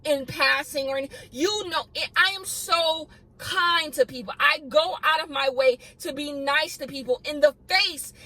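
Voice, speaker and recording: A woman's voice: high voice, bright, forceful tone, rough recording. A woman in her twenties telling a personal story in a vlog, rambling and emotional with lots of fillers. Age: 20s.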